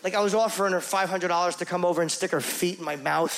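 A middle-aged man telling a crude, self-mocking story in stand-up comedy, rambling and animated. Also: high-pitched, fast talker, noisy background.

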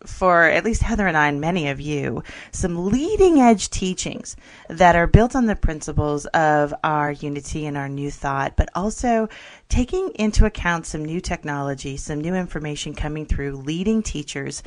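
A woman's voice: low-pitched, animated, normal speed. A woman hosting a radio talk show, upbeat and chatty, laughing often as she talks. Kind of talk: casual radio chat.

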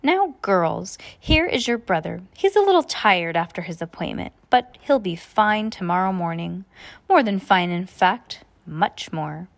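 A woman reading aloud and voicing a smooth, falsely sweet woman eye doctor who schemes against children. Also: on the low side, lively intonation, unhurried. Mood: smooth, scheming.

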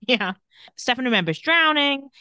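A woman's voice: sits high, expressive, normal speed, pushed and bright, clean tone, no room sound, studio quality. A woman co-hosting a casual podcast, retelling scenes and quoting characters' lines, laughing often. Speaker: podcast co-host recapping a TV episode. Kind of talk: casual chat.

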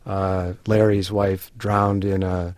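A man being interviewed on radio as an author, speaking in a measured way with frequent fillers. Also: sits low, flat delivery, a little mellow, no room sound. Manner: measured, hesitant with many fillers. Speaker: author and guest.

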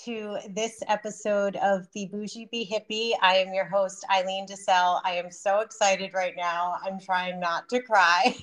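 A woman's voice: on the low side, a bit bright. A woman hosting a spiritual podcast over a remote call, bubbly and effusive, laughing often. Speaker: podcast host. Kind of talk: casual spiritual podcast chat.

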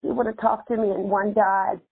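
A woman's voice: mid-range voice, little pitch movement, normal speed, breathy edge. A woman caller on a prayer line, answering the minister with murmured affirmations. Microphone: phone call. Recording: tinny phone line.

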